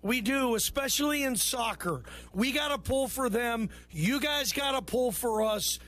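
High-voiced chummy sports radio host, man. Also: expressive, a little slow, a bit bright. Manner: loose, chummy, calls callers bro and brother. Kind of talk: casual call-in radio talk.

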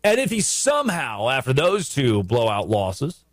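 A man's voice: mid-range voice, measured pace, dry recording. Man, sports talk host, emphatic, repeats himself, dry close sound. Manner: emphatic and animated, with frequent restarts and repetition. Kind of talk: animated sports commentary.

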